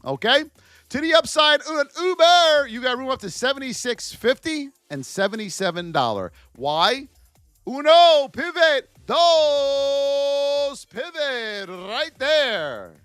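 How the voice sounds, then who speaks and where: A man hosting a live stock trading stream, giving market commentary and shouting out chat names in an animated, sing-song way. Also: very high-pitched, unhurried, no room sound, soft background music. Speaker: stock trading livestream host.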